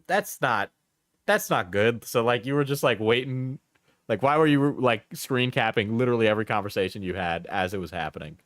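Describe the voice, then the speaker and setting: A man's voice: mid-range voice, fairly bright tone, dry recording, studio quality. A man streaming from home, casually reading posts aloud and tossing in offhand asides. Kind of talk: casual live-stream commentary.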